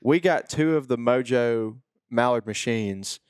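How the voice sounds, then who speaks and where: A man's voice: medium pitch, unhurried, smooth, no echo, clean studio sound. A man co-hosting a podcast in a casual, rambling, enthusiastic way with running jokes. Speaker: podcast co-host.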